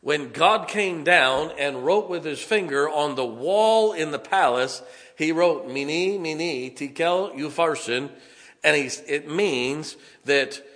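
A man preaching a sermon, animated and conversational, with dramatic emphasis and asides. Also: on the high side, takes it slowly, long reverb tail.

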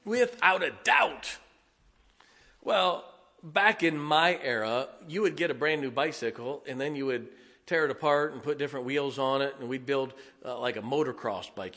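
A man preaching, telling a folksy, animated, self-mocking story from the pulpit. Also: medium pitch, normal speed. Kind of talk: storytelling sermon. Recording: long reverb of a large hall.

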